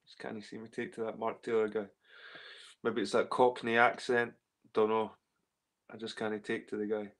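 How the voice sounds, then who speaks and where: A lowish, level voice at normal speed, with frequent pauses, belongs to a Scottish man running a casual livestream. He reads the chat aloud and replies, rambling, cursing and repeating himself.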